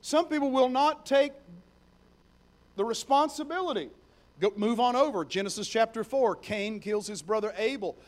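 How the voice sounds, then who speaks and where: A young man with a notably high voice delivers a sermon. He tells it like a story, chatty and animated. He jumps between plain narration and lively retellings. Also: normal speed. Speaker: preacher.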